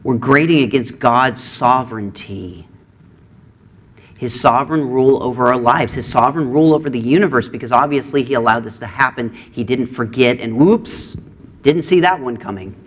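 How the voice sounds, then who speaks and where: A middle-aged man preaching a sermon, earnest, moving between raised and hushed delivery. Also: mid-range voice, moderate pace, slightly rough. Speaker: pastor.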